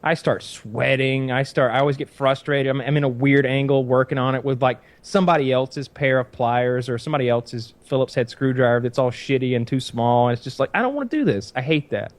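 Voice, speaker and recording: A man's voice: mid-range voice, a little fast, few pauses. A man hosting a podcast, ranting about his frustrations in a casual, rambling way with lots of swearing. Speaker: podcast host. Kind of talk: casual chat.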